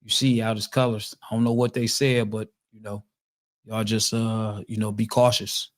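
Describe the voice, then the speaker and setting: A man's voice: fairly low pitch, level tone, moderate pace. A man co-hosting a casual podcast, teasing his partner and piling up fillers as he talks. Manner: teasing, filler-heavy, keeps saying "you know". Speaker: podcast co-host.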